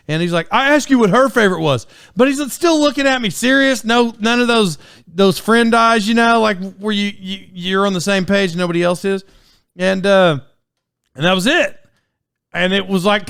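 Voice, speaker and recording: A man's voice: sits high, fairly bright tone, smooth, no echo, clean studio sound. A man in his forties telling stories on his solo podcast in a casual, rambling way, full of fillers and restarts. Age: 40s. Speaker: podcast host.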